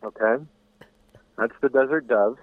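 A man's voice: mid-range voice, a little slow, no echo. A man calling in to a radio show by phone, chatting casually in a rambling, stumbling way that repeats words. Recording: tinny phone line, dry.

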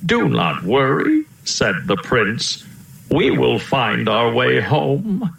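A man's voice: mid-range voice, wildly swooping pitch, takes it slowly, gravelly, fairly bright tone, voice pushed up, full character voice. A man doing a brave young elephant prince. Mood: calm. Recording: roomy echo.

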